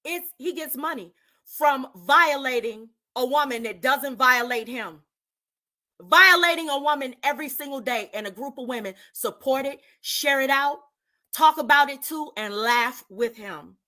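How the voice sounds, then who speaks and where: A woman's voice: high-pitched, measured pace, pushed and bright. A woman giving indignant live commentary, repeating herself for emphasis and lecturing her viewers. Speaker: commentary streamer.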